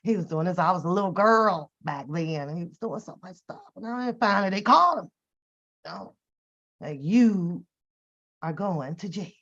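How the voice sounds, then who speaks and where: A woman telling stories and giving comedic commentary in a profane, animated, joking way. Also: on the low side, normal speed. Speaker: reaction channel host. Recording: dull lo-fi recording.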